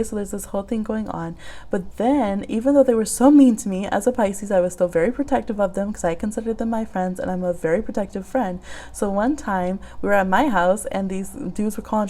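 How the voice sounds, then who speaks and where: A woman hosting a live-streamed reading, talking casually and animatedly, laughing often and jumping high in pitch as she tells stories. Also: mellow. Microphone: phone app live stream.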